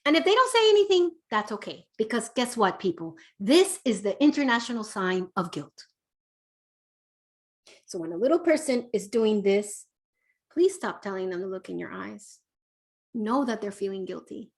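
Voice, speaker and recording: A woman, a parenting educator, teaching parents in a lively way, acting out little quotes and checking in with "right?". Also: mid-range voice, normal speed. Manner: animated, acts out quotes, keeps asking "right?".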